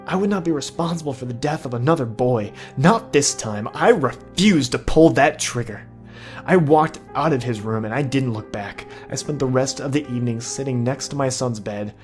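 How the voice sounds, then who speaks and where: A man reading a horror story aloud in a measured, somber tone. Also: medium pitch, darkish tone. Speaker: narrator. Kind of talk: scripted horror story narration.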